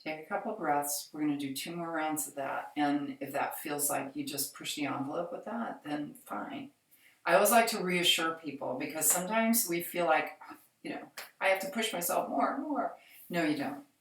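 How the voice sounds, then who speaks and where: A woman fitness instructor calmly guiding a chair exercise class with slow, reassuring cues. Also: low-pitched. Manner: calm, reassuring, slow cueing. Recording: echoey room, mic at a distance.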